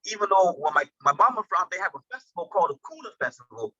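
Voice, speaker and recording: A man's voice: sits high, very fast, breathy edge, dull audio. A man from Charleston with a Gullah Geechee-influenced accent, telling stories in an easygoing interview and laughing often. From Charleston, South Carolina. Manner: animated, laughs often, mimics friends in quotes. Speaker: chef, guest. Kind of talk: casual conversational storytelling.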